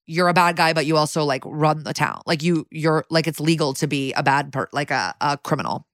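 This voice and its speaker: A woman's voice: low voice, a little fast, dry recording, studio quality. A woman co-hosting a podcast in casual chat, laughing often and filling her talk with "like". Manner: laughs often, heavy use of "like". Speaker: podcast co-host. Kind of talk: casual chat, recapping an episode.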